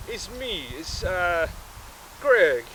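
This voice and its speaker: A man voicing an awkward man greeting someone on the phone, loud and fumbling. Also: sits high, big pitch swings, drawn-out words, a little hiss or hum, pitched above the performer's own voice, exaggerated voice.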